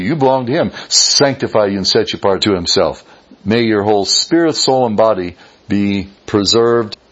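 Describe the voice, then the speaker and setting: A pastor preaches with fervor, his low voice climbing suddenly and then sinking to a hush. His tone is husky and breathy. The recording sounds dull and lo-fi. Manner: fervent preaching with sudden rises and hushed drops. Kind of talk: sermon.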